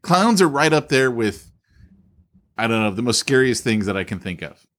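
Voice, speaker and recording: A man's voice: medium pitch, very animated, moderate pace, a bit bright. Playful, teasing man co-hosting. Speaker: podcast co-host. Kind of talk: casual chat.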